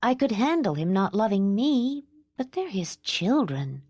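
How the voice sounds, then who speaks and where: A woman voicing a calm, gentle young mother who is numb inside, talking in a quiet, steady, measured way. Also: mid-range voice, dry recording, studio quality, voice pushed up.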